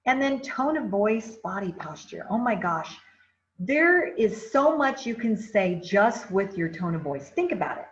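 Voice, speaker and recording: A woman's voice: mid-range voice, big pitch swings, unhurried. Woman training staff in a roomy room. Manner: conversational, repeats phrases, frequent fillers. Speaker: customer service trainer. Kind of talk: workplace training talk. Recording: roomy, slightly dull recording.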